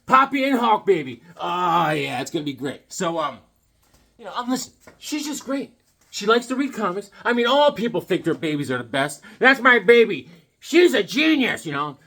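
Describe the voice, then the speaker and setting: A man hosting a comic book video, riffing in a joking, rambling, animated way. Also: high voice, moderate pace, creaky. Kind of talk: comedic casual monologue.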